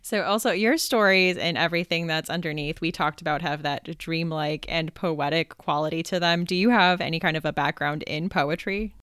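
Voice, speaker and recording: A woman's voice: low voice, moderate pace, few pauses, fairly bright tone, smooth, dry recording, clean studio sound. A woman hosting a casual interview, asking friendly questions and laughing along. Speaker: interview host.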